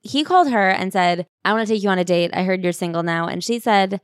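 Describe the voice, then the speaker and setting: A woman's voice: mid-range voice, fast, smooth, no echo. A woman co-hosting a casual book-recap chat, adding dry, wry remarks as she tells parts of the story. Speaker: podcast co-host.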